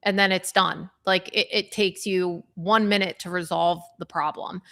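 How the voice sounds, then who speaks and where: A woman's voice: on the low side, fairly even intonation, moderate pace, few pauses, pushed and bright. A young woman co-hosting a livestream, talking conversationally with frequent fillers. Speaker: livestream co-host. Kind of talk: casual livestream chat.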